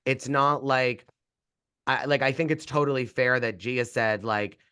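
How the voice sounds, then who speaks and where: A man hosts a relaxed podcast in a middle-pitched, everyday voice. He talks casually and teases his co-host with quick jokes. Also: clean tone. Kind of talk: casual chat.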